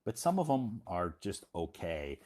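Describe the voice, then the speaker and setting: A man chats through a long anecdote in a loose, rambling way, full of restarts. His voice sits fairly low and has a husky edge. His pitch swings widely as he tells it. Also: big pitch swings, measured pace, mellow. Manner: rambling, many fillers and restarts. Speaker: English teacher. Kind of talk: casual storytelling livestream.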